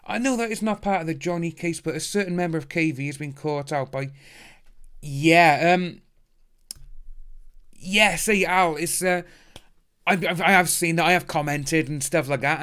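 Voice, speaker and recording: A chatty man runs a casual livestream, upbeat and loose as he reads out viewer comments. His voice sits a little higher than most men's. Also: moderate pace, a bit bright, clear, resonant tone. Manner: chatty, upbeat, thanks donors by name. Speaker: livestream host reading chat. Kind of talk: casual live stream chat.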